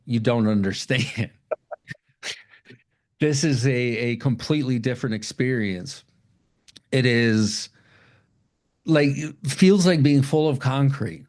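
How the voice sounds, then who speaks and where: A man's voice: mid-range voice, darkish tone. Tired, rambling middle-aged man. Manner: loose, swearing, rambling storytelling. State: tired from lack of sleep. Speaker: podcast co-host. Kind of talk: casual chat.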